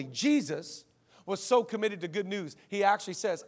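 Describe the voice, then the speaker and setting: A high-pitched man delivers an emphatic sermon as a pastor. He builds energy with call-outs to the congregation and pushes up into shouts at his peaks. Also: animated, moderate pace. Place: church auditorium before a live congregation.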